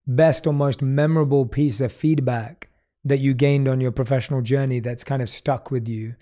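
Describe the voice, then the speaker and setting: A man hosting a podcast, calmly asking questions and reading a passage aloud. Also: mid-range voice, moderate pace. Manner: calm, attentive, reads a quote aloud. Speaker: podcast host. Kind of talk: interview questions.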